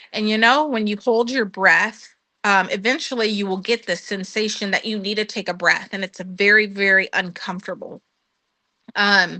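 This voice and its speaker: Woman, 30s, guest giving a personal testimony; bright, earnest, close and dry mic, chatty with fillers. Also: medium pitch, dry recording. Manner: earnest storytelling with frequent ums, acting out her own past words. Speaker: guest sharing her testimony. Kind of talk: conversational testimony.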